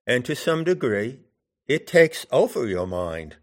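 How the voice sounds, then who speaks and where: A man teaching in a deliberate way, pausing to put questions to the listener. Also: mid-range voice, big pitch swings. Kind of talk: meditative teaching talk.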